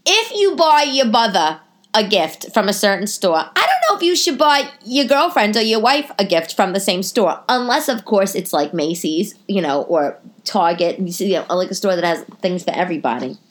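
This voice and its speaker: A woman's voice: mid-range voice, lively intonation, normal speed. A woman hosting a casual chat podcast from her apartment, rambling through tangents with a stuffy nose. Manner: chatty, rambling, goes off on tangents. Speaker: podcast host.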